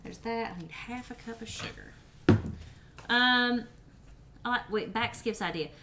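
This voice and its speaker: A woman's voice: a little high, unhurried, very noisy. Chatty woman cooking on stream. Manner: chatty, talks to chat while cooking. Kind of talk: casual cooking livestream chat. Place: home kitchen. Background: pots, pans and dishes clattering.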